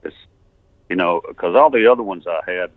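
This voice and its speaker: An older musician from Texas, low-pitched and moving at a moderate pace, tells his story on a dry, tinny phone-line recording. The casual interview is full of rambling anecdotes, chuckles, and restarts.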